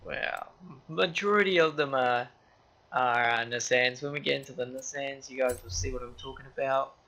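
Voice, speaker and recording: A man's voice: medium pitch, normal speed, bright, forceful tone. A man hosting a casual game walkthrough, rambling loosely in car-enthusiast slang. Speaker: gaming channel host.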